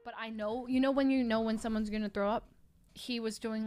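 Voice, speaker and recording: A woman's voice: high voice, fairly quick, fairly bright tone. A woman telling a funny story in casual chat, laughing and acting out quoted voices.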